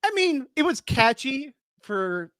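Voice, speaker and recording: A man co-hosting a casual chat about a reality show, easygoing and quick to laugh. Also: very high-pitched, sing-song, sharp tone, dry recording, studio quality. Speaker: podcast co-host, producer.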